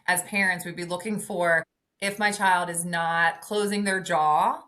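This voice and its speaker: A woman's voice: lowish voice, fairly even intonation, a little slow, pushed and bright. A woman hosting a podcast, asking her guest follow-up questions from a parent's point of view. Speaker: podcast host. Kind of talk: interviewing a guest.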